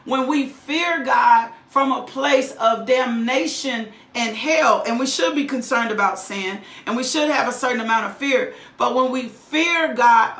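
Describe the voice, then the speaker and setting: A woman's voice: fairly high pitch, normal speed, few pauses, fairly bright tone, reverberant. A middle-aged woman preaching a sermon with fervor, often repeating lines for emphasis and checking in with "right?".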